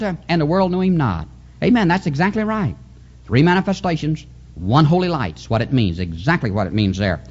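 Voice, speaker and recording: A man preaching a fervent Pentecostal revival sermon, swinging his pitch and chuckling as he goes. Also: muffled recording. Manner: fervent, sing-song preaching with sudden pitch jumps and chuckles.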